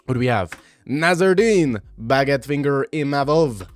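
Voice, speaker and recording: Animated young man mocking fight replays. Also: mid-range voice, moderate pace, faint music behind. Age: 20s. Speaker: video commentator. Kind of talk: casual commentary over fight replays.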